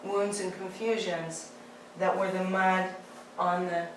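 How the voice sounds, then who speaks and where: A woman's voice: lowish voice, little pitch movement, slow pace, slight background noise. A woman giving a candid, conversational talk and telling a personal story. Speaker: speaker. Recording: echoey hall, distant mic.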